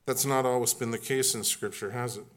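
A man's voice: mid-range voice, fairly even intonation, a little fast, a bit bright. Conversational, humorous male pastor. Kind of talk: sermon.

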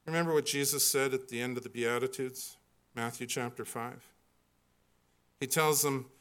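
A man preaching a sermon with lively delivery, reading scripture and acting out the characters in it. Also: medium pitch, moderate pace, pauses often, smooth. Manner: animated preaching, acts out scripture voices. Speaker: pastor.

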